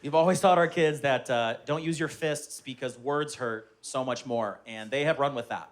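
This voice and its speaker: A man's voice: medium pitch, moderate pace. A stand-up comedian in his thirties, telling stories on stage and acting out the voices of his family and others. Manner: animated storytelling, acts out voices of his kids and others. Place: live comedy venue with audience.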